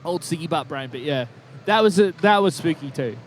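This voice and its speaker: A high-voiced man tells loose, rambling stories on a casual podcast. He swears freely and laughs at his own tales. A faint hiss of noise sits under the voice. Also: lively intonation, a little fast. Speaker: podcast co-host. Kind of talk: casual storytelling chat.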